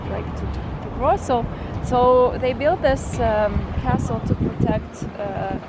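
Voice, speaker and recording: Woman halting through English outdoors. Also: on the high side, noisy background. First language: Russian. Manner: halting, searching for English words. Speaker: travel vlogger. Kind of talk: casual travel vlog chat. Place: outdoors in a park.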